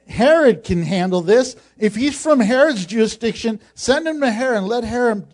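Man voicing a scheming roman governor, casual, joking, animated. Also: very high-pitched, normal speed, pitched above the performer's own voice. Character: scheming male Roman governor, shrewd politician.

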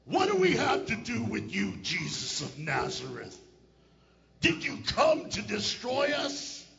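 A man voicing an angry, unclean demon that speaks through a possessed man, shouting and drawing out the words. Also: sits high, huge pitch swings, slow, gravelly, lo-fi sound, full character voice. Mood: menacing.

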